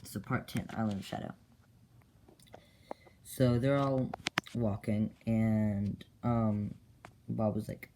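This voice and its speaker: A man's voice: lowish voice, fairly even intonation, takes it slowly, long pauses, background noise. A man casually retelling a story, rambling with many restarts. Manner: rambling, full of fillers and restarts.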